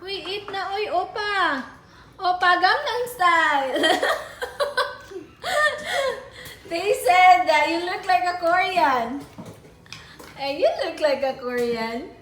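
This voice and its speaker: A woman's voice: very high-pitched, takes it slowly, fairly bright tone, echoey room. A woman, chatting playfully on a family vlog and coaxing her kids. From Philippines. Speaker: family vlogger. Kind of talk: casual family vlog chat.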